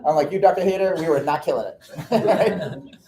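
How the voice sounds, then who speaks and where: A man's voice: fairly high pitch, normal speed, mellow, a little hiss or hum. A man telling funny stories in an echoey room. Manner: humorous, self-deprecating anecdotes. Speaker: orthodontist giving a talk. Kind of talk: storytelling conference talk. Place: lecture room with an audience.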